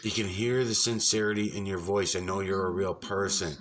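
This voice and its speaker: A man with a very deep, low voice talks off the cuff in a casual home vlog. He rambles, swears freely and gets excited, dotting his speech with ums and uhs, over a faint hum of room noise. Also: fairly quick. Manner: rambling, profane and excitable, frequent fillers. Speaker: YouTube vlogger.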